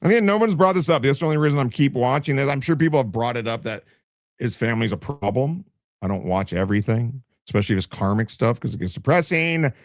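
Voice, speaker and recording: Brief: male streamer, lively pitch, dry close sound, crude and mocking. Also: fast talker, dry recording. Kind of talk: late-night reaction commentary.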